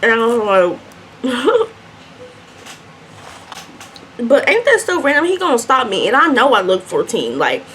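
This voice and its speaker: A young adult woman with a voice sitting a little high tells a storytime as a vlogger while eating. She talks in an animated, chatty way, eating as she goes. There is a faint hum of ambience behind her. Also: fairly quick, few pauses. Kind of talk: mukbang storytime.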